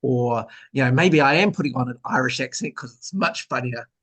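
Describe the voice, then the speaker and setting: A man's voice: mid-range voice, fairly quick, fairly bright tone. Thoughtful New man, guest author. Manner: thoughtful, trails off with fillers. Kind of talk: casual discussion.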